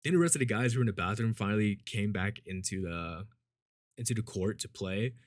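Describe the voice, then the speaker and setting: Speaking fairly quickly, a man rambles through a story in a loose, casual way, cursing often and padding pauses with "like" and "you know." When he quotes others, he performs them with changes in pitch and volume. The recording is dry and studio-clean.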